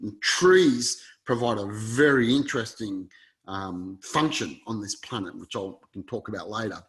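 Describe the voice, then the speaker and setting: A man's voice: lowish voice, normal speed, a bit bright, low-quality recording. A man telling a story as an interview guest, in an earnest, rambling way and acting out quoted dialogue.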